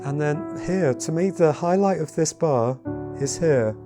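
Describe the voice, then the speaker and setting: A man giving a casual piano lesson, talking in a halting way with many repeated words and fillers. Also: on the high side. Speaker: piano teacher. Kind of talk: casual spoken tutorial. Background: piano playing between remarks.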